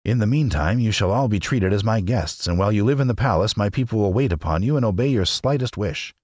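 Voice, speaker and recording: A man's voice: on the low side, lively intonation, fast talker, darkish tone, no echo, studio quality, voice pushed up. A man voicing a meek little man who plays at being a wizard, in a mild, explaining tone. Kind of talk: audiobook character reading.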